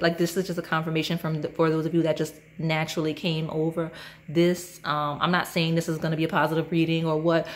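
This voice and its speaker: Low-voiced chatty woman reading tarot. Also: a little hiss or hum. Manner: chatty and rambling, many fillers and asides. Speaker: tarot reader. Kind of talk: casual pick-a-card tarot reading to viewers.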